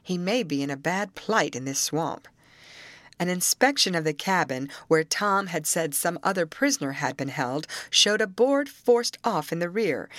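A woman narrating an audiobook in a measured, even storytelling manner. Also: deep voice, no echo.

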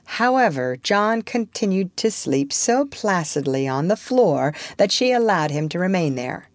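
A woman narrating a storybook in a gentle, expressive way. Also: on the low side, measured pace, no echo.

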